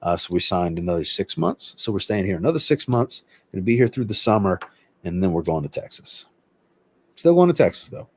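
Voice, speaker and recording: A man hosting a livestream and chatting casually, reading viewer comments aloud and answering them in a relaxed, rambling way. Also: low voice, brisk, husky, no echo. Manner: relaxed, rambling, with filler words. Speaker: host.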